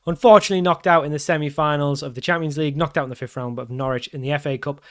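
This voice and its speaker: A man's voice: a little high, fairly even intonation, racing. A man commentating live on his football management game, swinging from pleading to groaning. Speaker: gaming YouTuber.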